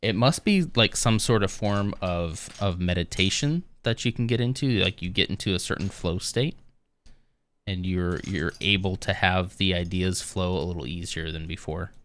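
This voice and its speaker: A man's voice: sits low, moderate pace, fairly bright tone. A man streaming live, chatting casually with viewers in a rambling, easygoing way with lots of fillers.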